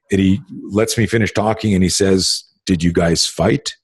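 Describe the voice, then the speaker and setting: A middle-aged man with a very low, husky voice hosts a casual talk, telling long stories full of fillers and blunt swearing. He is recorded close and dry. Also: fairly even intonation, moderate pace, few pauses, no room sound. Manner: rambling storyteller with many fillers and swearing. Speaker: podcast host. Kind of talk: casual conversation.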